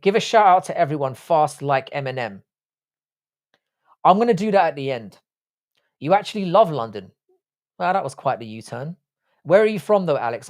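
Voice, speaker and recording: A young man, Irish-born and London-raised, hosts a casual livestream. He talks bluntly and swears freely while reacting to viewers' comments. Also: on the high side. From Ireland. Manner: blunt, profane, chatty. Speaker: livestream host. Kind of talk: casual live chat reading comments.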